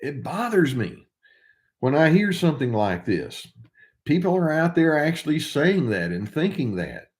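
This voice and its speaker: A man's voice: on the high side, big pitch swings, a little slow. An older man, a therapist, talking casually and wryly to the camera while he thinks aloud. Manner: wry, conversational, thinking aloud.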